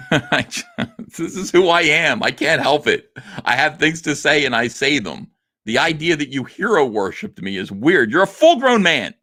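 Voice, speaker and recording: A man's voice: a little high, sharp tone. A middle-aged man with a New Jersey accent, hosting a livestream and reacting to a video with sarcastic, heated, defensive commentary.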